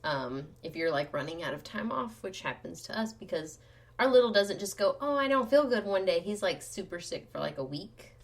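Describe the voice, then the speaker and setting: A woman's voice: lowish voice, lively intonation, normal speed. A woman co-hosting a podcast in casual chat, talking in a loose conversational way with lots of "like" and "right?". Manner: chatty, conversational, often says "like" and "right?". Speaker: podcast co-host.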